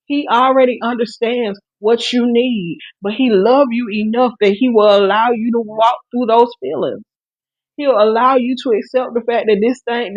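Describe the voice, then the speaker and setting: Her voice is fairly high, with no echo, though the highs are cut off. This podcast host preaches on a live stream about faith and grief, earnest and full of restarts, addressing listeners directly to encourage them in her testimony.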